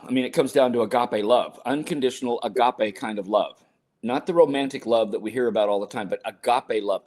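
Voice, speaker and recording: An older man in his sixties tells a story as a podcast guest. He speaks at a middle pitch and brings each quoted line to life as he acts it out. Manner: animated storyteller acting out quotes. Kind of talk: storytelling interview.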